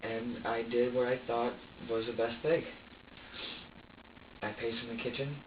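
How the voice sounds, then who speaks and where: A man being questioned by police, talking in a halting, repetitive way, restarting sentences and quoting himself, with an emotional delivery that moves between tense and subdued. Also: medium pitch, flat delivery, slight background noise. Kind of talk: police interrogation recording. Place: police interview room. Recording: echoey, distant, dull lo-fi room recording.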